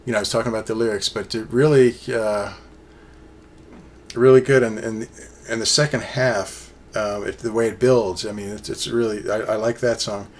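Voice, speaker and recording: A man's voice: lowish voice, fairly even intonation, normal speed. Rambling, enthusiastic male album reviewer. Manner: rambling, enthusiastic fan talk with many fillers. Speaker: music reviewer. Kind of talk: casual solo album review.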